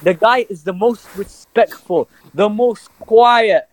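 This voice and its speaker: A young man telling stories on a casual podcast, animated, swearing freely and laughing as he talks. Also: sits high, slow, no echo, poor audio. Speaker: podcast co-host. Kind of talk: casual storytelling chat.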